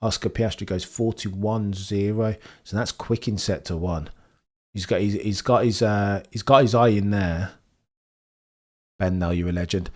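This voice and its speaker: Male streamer, lowish voice, chatty live commentary, bursts of excitement. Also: measured pace. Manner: chatty, excitable, talks to chat by name. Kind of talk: casual live commentary reacting to timing.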